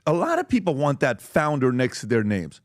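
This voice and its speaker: A man's voice: medium pitch, huge pitch swings, fairly quick, no room sound. Dry-sounding male podcast host. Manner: upbeat, promotional. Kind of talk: casual podcast talk with merch promotion.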